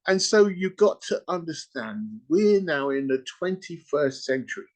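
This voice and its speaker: A man hosting a podcast, retelling a story in casual chat, animated and peppered with "you know" and "right?". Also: a little high, unhurried. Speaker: podcast host.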